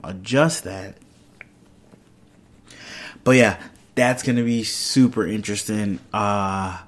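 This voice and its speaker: Rambling male podcast host. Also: lowish voice. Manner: rambling, self-correcting, excitable. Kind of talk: casual solo podcast chat. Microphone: headphones and microphone.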